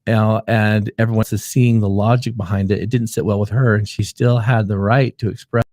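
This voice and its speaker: A man's voice: on the low side, fairly even intonation, a little fast, a little mellow, dry recording, clean studio sound. A middle-aged man who hosts a live show as a therapist, talking earnestly and telling family stories as advice. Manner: earnest, storytelling, coaching tone. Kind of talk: casual advice chat.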